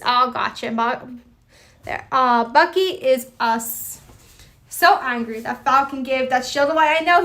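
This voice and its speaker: A woman with a high voice, chatting live with her viewers in a casual, rambling way. Her tone is bright and forceful, full of "like" and restarts as she reacts to comments.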